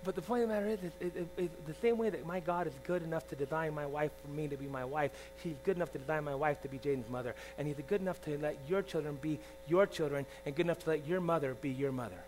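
A man in his forties preaching a sermon, swinging from loud emphatic lines to soft confiding asides, often asking the congregation "all right?". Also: a little high, fast, few pauses, rough recording. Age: 40s. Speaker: pastor. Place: church. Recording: faint mains hum.

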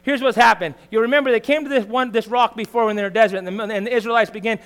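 Middle-aged guy preaching, pretty high voice, chatty sermon style with lots of "didn't he?" questions, gets loud then drops way down. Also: fast, few pauses, smooth. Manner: conversational preaching with rhetorical tag questions; animated, swings between loud emphasis and quiet asides. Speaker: pastor.

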